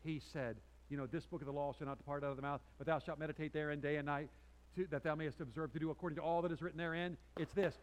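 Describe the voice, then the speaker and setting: A man preaches to his congregation in a fairly high voice. He swings between loud, emphatic peaks and quiet, intense lines, and tells a personal story with restarts and asides. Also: fairly even intonation, fast, rough recording. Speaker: pastor. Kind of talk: sermon. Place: church sanctuary before a congregation.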